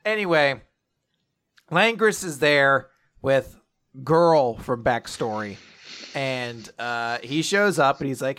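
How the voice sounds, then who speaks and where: A man's voice: medium pitch, slow, a bit bright, clean tone. A man co-hosting a casual recap show, rambling through a story and quoting characters along the way. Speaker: podcast co-host. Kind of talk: casual chapter recap chat.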